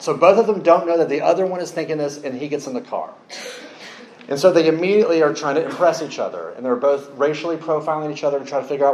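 A man preaching a sermon, telling a story with lively acted-out quotes. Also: on the high side, fast talker, echoey room, rough recording. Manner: animated storytelling, acts out quoted voices.

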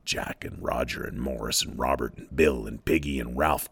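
A man's voice: very deep voice, moderate pace, gravelly, fairly bright tone, breathy edge, no room sound, pitched below the performer's own voice, full character voice. A man voicing the Lord of the Flies, a rotting pig's head that menaces a boy in a mocking schoolmaster tone. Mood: menacing.

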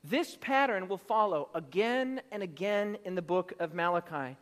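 A male pastor with a strikingly high voice delivers a sermon. He stacks up emphatic repeated phrases and draws out quoted lines slowly. The sound rings with a long hall reverb. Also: animated, a bit bright. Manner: preaching with rising emphatic repetition; slow drawn-out quotations.

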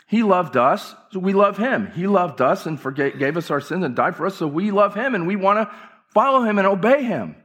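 A man's voice: sits high, lively intonation, fairly quick, a bit bright. A male pastor delivering an impassioned, emphatic church sermon with repeated phrases. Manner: impassioned, emphatic preaching with repetitions.

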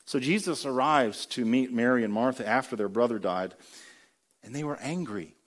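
A man's voice: mid-range voice, normal speed. Man preaching with rhetorical questions. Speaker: pastor. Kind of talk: sermon.

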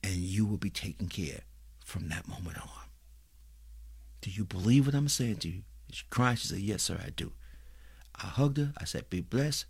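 A man's voice: low-pitched, moderate pace, a little mellow, husky. A man preaching a sermon as a pastor, telling stories and speaking directly to his listeners.

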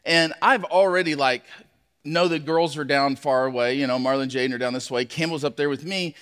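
High-voiced man preaching in echoing hall. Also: fairly quick, clear, resonant tone. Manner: animated storytelling, acts out his own shouts. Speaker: pastor. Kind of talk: sermon with personal story. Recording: long hall reverb.

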